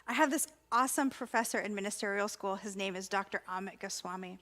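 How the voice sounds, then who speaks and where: A woman, a spiritual practitioner, giving an inspirational sermon in a conversational, expressive way with repeated emphasis. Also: medium pitch, quick pace. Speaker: spiritual practitioner and ministry student speaker.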